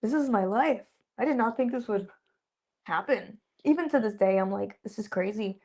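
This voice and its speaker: A young woman, an actress guest, chatting casually in an interview and telling lively stories with laughs and acted-out quotes. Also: mid-range voice, moderate pace. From Dallas area. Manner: animated storyteller, laughs often, acts out quotes.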